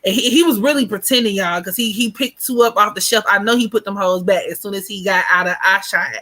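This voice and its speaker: Young woman vlogger with a bright, forward voice, gabby storytime energy. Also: mid-range voice, fast talker. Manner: chatty and animated, heavy on fillers, addresses viewers as y'all. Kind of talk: casual storytime chat.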